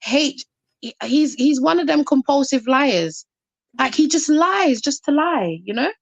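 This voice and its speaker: A woman's voice: high-pitched, lively intonation, unhurried, gravelly, no room sound, highs cut off. A woman speaking bluntly on a livestream panel, in slang with swearing. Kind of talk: casual livestream chat.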